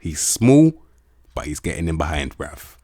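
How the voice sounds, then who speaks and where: A man's voice: extremely low pitch, unhurried, dry recording, studio quality. A young man giving casual, slang-heavy game commentary and swearing freely as he hypes up players. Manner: slangy, swears a lot, animated hype. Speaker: gaming video host.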